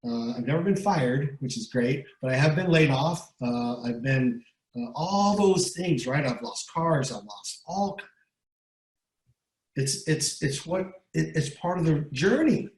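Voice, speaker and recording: A man's voice: fairly high pitch, lively intonation, measured pace, darkish tone. Emphatic middle-aged man in an echoey room. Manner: emphatic, repeats words and ends points with "right?". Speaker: guest speaker and recovery coach. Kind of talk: motivational interview talk.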